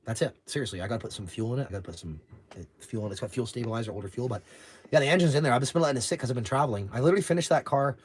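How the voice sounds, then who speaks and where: Fast-talking brash man. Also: mid-range voice, a little hiss or hum. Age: 40s. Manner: brash, profane, rapid rambling with asides. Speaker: livestream host. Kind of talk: casual storytelling chat.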